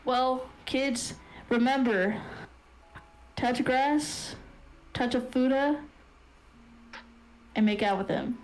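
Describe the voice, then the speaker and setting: A woman's voice: sits high, drawn-out words, long pauses, darkish tone, rough recording. A woman guest on a casual stream chat, joking and crude in a playful way.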